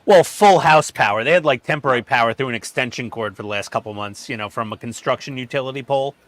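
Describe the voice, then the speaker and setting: A man chatting casually with friends during a model-building stream, telling lively stories and acting out the people in them. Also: quick pace. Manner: animated storyteller who acts out quotes with sudden pitch jumps. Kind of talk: casual group chat while building.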